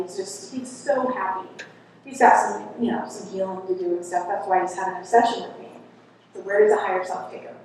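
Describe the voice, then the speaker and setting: A woman's voice: medium pitch, warm tone, a little hiss or hum. Distant woman speaking in an echoey hall. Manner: casual, chatty storytelling with asides. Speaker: hypnotherapist presenter. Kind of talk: stage presentation recounting a hypnosis session. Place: stage before a live audience. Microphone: recorded for the room, far from the recorder. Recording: distant, echoey hall recording with faint ambience.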